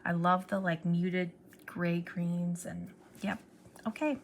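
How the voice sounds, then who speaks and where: A woman's voice: lowish voice, flat delivery, takes it slowly, slight background noise. Gushing woman who slips into whispers. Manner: gushing, often drops to a whisper. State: tearful. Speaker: stationery YouTuber. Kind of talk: casual chat.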